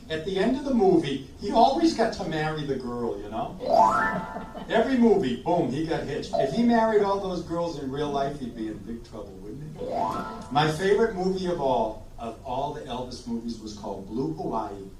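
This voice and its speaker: Jokey male sing-along entertainer, lively pitch. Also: normal speed. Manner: jokey, chatty, coaxes the audience to sing. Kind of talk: live oldies sing-along show with banter. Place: community room at a senior living residence. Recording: roomy distant live recording with music.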